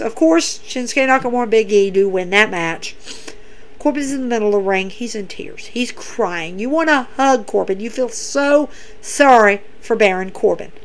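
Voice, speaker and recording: A woman with a high voice recaps for her podcast in a loose, conversational way. She is emphatic, repeats her points and speaks directly to her listeners. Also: fairly bright tone. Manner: chatty and emphatic, repeats herself, addresses listeners as guys. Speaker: podcast host. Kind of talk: casual wrestling recap.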